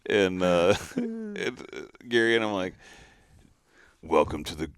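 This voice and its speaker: A man with a very low, deep voice tells a story in relaxed podcast chat, slipping into quick impressions of the people in it. The sound is dry and close, with no room echo. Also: clean tone. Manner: animated storyteller, acts out quotes. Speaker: podcast co-host.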